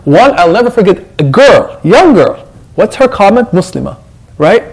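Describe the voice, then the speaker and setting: A male imam gives a Quran reflection in a lively, conversational way. His voice sits high and rises and falls a great deal. He often breaks into the voices of the people he quotes. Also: normal speed, slightly rough, low-quality recording. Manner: animated, conversational, acts out quotes. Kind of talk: Quran reflection talk to a congregation.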